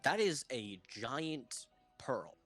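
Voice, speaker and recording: A man's voice: mid-range voice, big pitch swings, drawn-out words, a bit bright, soft background music. Man running a tabletop game, casual. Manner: casual, loose, swears. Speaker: game master.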